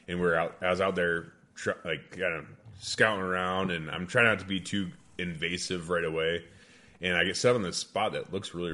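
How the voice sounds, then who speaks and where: A man casually telling a rambling hunting story with lots of swearing. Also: sits low. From American Midwest. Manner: animated, heavy swearing, rambling. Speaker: guest hunter.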